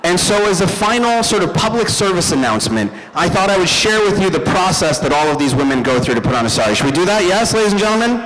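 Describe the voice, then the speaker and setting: A young man doing a stand-up comedy set, telling animated stories and talking to the crowd. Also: sits high, quick pace, hardly any pauses, slight background noise. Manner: animated storytelling, addresses the crowd. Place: event hall stage. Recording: live hall with long reverb.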